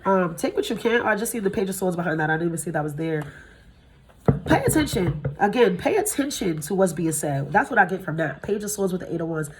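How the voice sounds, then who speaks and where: A woman in her thirties giving a casual tarot reading, tired from little sleep, blunt and profane, her voice jumping up in pitch when she gets excited. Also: fast, a little hiss or hum. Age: 30s. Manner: blunt and profane, swears freely. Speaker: tarot reader.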